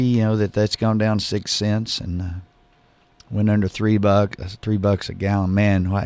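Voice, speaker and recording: A man's voice: on the low side, little pitch movement, measured pace, darkish tone, dry recording. A man hosting a live radio talk show, rambling and joking in a casual, self-deprecating way. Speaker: radio host. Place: radio studio.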